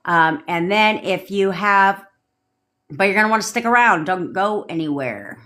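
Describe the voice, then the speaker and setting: A woman coach talking straight into her phone during a livestream, blunt and profane. She hammers her points home and repeats affirmations in a commanding tone, at an ordinary middle pitch. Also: expressive, moderate pace, a bit bright. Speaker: manifestation coach.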